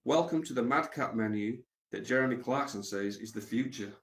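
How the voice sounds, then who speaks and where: A man hosting a livestream, rambling in a deadpan, mumbling way with lots of ums. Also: medium pitch, moderate pace. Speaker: livestream host.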